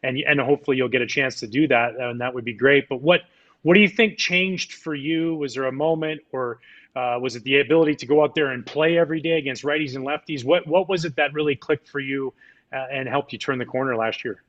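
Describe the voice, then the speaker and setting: A man's voice: medium pitch, brisk, fairly bright tone, muffled recording. A man hosting a casual interview, asking long, eager questions about baseball. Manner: enthusiastic, long wandering questions. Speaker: interviewer, host.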